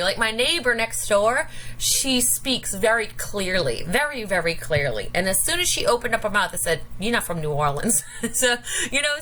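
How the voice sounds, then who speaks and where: Bright-voiced chatty woman teacher. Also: mid-range voice, slight background noise, rough recording. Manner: chatty, addresses students directly. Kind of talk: recorded history lesson.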